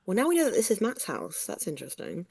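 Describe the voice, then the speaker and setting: A woman's voice: mid-range voice, wildly swooping pitch, fast, darkish tone, a little hiss or hum. A woman streamer playing a game, chatty and giggly, reading lines and joking with her co-host. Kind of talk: casual game-playing chat.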